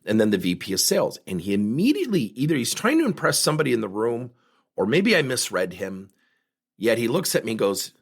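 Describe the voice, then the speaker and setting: Husky man telling sales stories. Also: medium pitch, fairly quick. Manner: animated, acts out quoted voices. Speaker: sales coach, podcast host. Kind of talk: storytelling talk.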